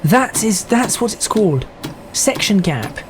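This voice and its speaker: A man's voice: high voice, very animated, unhurried. Man, casual gameplay host, stop-start chatter, train noise underneath. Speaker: gaming video host. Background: train sim game noise.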